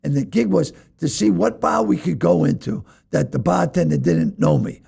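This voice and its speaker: An older man telling wild stories from his past as a podcast guest, in an animated, profane way. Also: on the high side, normal speed, creaky, husky. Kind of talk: storytelling in a podcast interview.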